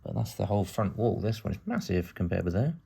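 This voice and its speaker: A man's voice: on the low side, big pitch swings, quick pace, vocal fry, dark tone, breathy edge. A British man from the UK giving casual build-along narration as a vlogger, chatty and full of wry asides while he works. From United Kingdom.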